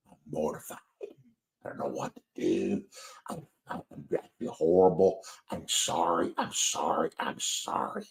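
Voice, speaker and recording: Deep-voiced older man telling stories. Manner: folksy, self-deprecating, chuckles at his own story. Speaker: storyteller host. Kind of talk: casual anecdotal storytelling.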